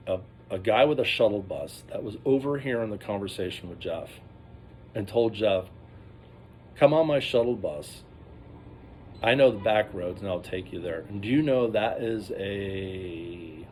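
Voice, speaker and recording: Lowish-voiced man telling a rambling story. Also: a little hiss or hum. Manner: rambling, animated, acts out quotes. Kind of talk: casual storytelling.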